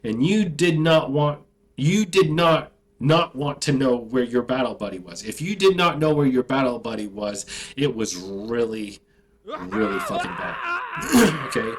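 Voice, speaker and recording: A man, an army veteran, telling a casual, profane, animated story about basic training. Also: medium pitch, normal speed, poor audio.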